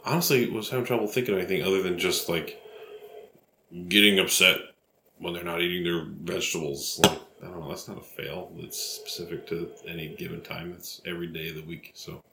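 Deep-voiced sarcastic man in a roomy room. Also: fairly even intonation, creaky. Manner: sarcastic, defensive, quick bursts. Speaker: podcast co-host. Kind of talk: casual bickering chat. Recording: roomy home recording, faint hiss.

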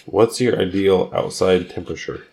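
A man's voice: low voice, steady tone, vocal fry, a little mellow. A man co-hosting a podcast in casual chat, firing off questions and teasing his partner. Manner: teasing, quick-fire questioning. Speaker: podcast co-host.

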